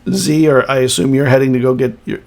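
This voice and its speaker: A man narrating as game master in a tabletop roleplaying game, unhurried and descriptive. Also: medium pitch, steady tone, creaky, a little mellow. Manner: unhurried, descriptive, chuckles often.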